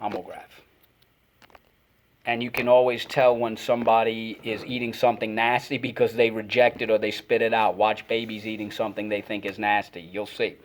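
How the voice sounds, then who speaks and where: A man's voice: lowish voice, flat delivery, moderate pace, a little hiss or hum. A man teaching a phonics lesson to children, energetically calling out words and repeating them for the class to echo.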